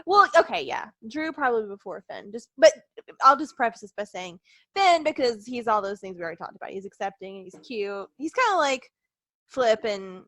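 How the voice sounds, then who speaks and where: Woman podcast co-host, fairly high, animated voice, cheeky and laughing, dry sound. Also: moderate pace, no room sound. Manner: laughs often, playful, cheeky. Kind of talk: casual chat.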